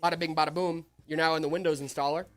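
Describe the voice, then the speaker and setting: A man's voice: a little high, steady tone, racing, fairly bright tone, soft background music. A man hosting a casual tech livestream, joking around and answering viewer questions.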